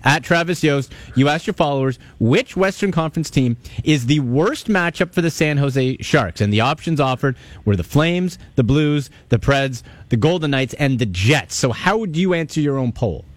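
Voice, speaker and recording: A man's voice: on the high side, lively intonation, normal speed, hardly any pauses, no room sound. A man hosting a radio interview, upbeat and jokey as he sets up a new segment. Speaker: radio host.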